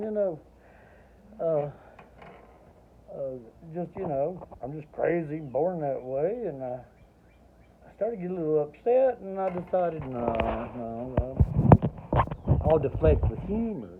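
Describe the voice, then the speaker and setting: A man's voice: high voice, a little hiss or hum. A man, an Army veteran telling a personal story in a rambling way, acting out the voices he quotes with dry humor. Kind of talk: casual spoken storytelling. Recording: tinny phone-like audio.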